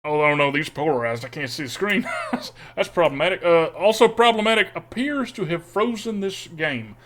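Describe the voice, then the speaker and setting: Streamer, male, put-on Texas drawl, folksy and joking, a touch high-pitched. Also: lively intonation, moderate pace, fairly bright tone. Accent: put-on exaggerated Texas drawl. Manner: folksy, joking, chats with viewers. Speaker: streamer playing a card game. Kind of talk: casual live-stream commentary.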